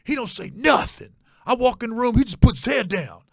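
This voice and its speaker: A man voicing an angry, ranting middle-aged stepfather who yells a profane tirade. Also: lively intonation, fairly quick, creaky, no room sound, studio quality, exaggerated voice. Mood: scolding. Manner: yelling, profane, high-pitched tirade.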